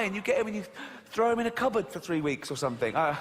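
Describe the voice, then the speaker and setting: A man performing a stand-up routine, animated and mocking, swearing and acting out voices. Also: high voice, fast talker, long reverb tail. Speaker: stand-up comedian.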